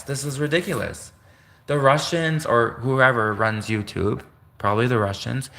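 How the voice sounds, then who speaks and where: A man's voice: medium pitch, normal speed, vocal fry, pushed and bright. A young Canadian man hosting his own channel, ranting in an indignant, sarcastic monologue full of repetition. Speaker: channel host.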